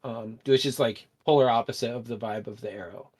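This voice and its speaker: A man's voice: medium pitch, fairly even intonation, fairly quick, darkish tone. A man narrating a tabletop role-playing game as game master, rambling with many fillers.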